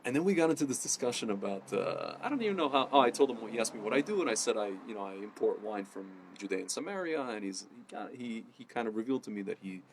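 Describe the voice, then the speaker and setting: A man's voice: lowish voice, expressive, quick pace, hardly any pauses, a little hiss or hum. Rambling man ranting to camera. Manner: rambling, many fillers and restarts; addresses audience as ladies and gentlemen. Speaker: political commentator. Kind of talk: casual rant to camera. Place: home in Jerusalem.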